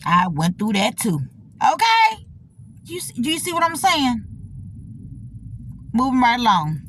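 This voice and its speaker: There's slight background noise behind this middle-aged woman's fairly high, creaky voice. Hosting her own channel, she tells a personal story in blunt, casual, profane talk, animated, repetitive and often talking back to her viewers.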